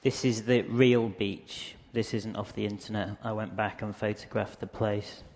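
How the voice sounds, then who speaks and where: A man talks through a casual lecture, wandering from thought to thought and stopping for ums. His low voice is gravelly and stays flat in pitch. He speaks into a microphone, and the hall adds a long reverb. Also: moderate pace. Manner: rambling, hesitant, frequent ums. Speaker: artist giving a lecture. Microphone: handheld or stand microphone.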